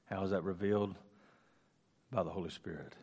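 A man teaching a Bible study, reading scripture aloud and then going back over it slowly with restarts and casual asides, recorded on a close microphone. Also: deep voice, fairly even intonation, darkish tone, slightly rough.

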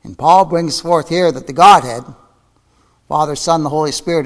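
Fervent male preacher, high voice, long hall reverb; surges then hushes. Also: normal speed. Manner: fervent preaching, soaring then dropping to a hush. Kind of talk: sermon.

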